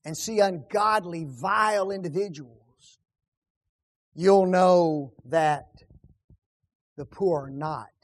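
A high-pitched male preacher delivering a slow, deliberate sermon. He leans on rhetorical questions and repeated key words, then falls to hushed, almost whispered endings. His delivery is emphatic and theatrical. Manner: rhetorical questions, dramatic drops to hushed tones. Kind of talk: sermon on a psalm.

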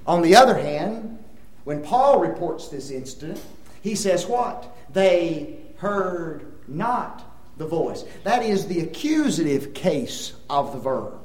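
Older guy preaching, high voice that swoops up and down a lot, acts out little scenes, keeps asking the crowd stuff. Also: takes it slowly, echoey room, low-quality recording. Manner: animated storytelling, acts out dialogue, asks the audience questions. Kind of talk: sermon.

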